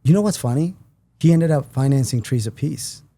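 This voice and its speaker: A man's voice: mid-range voice, lively intonation, normal speed, mellow. A middle-aged man, a film producer and director, telling a long story in casual chat and acting out the dialogue of the people in it.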